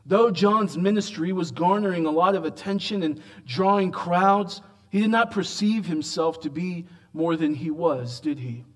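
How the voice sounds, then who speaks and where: A man preaching an expository sermon, emphatic, with loud raised lines and quiet low asides, slowing right down on quoted words.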